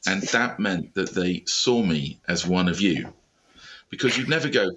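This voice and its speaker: Deep-voiced British man with dry wit. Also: expressive, measured pace, a bit bright, a little hiss or hum. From Britain. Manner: dry, self-deprecating wit. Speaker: startup founder, guest. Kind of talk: podcast interview, conversational.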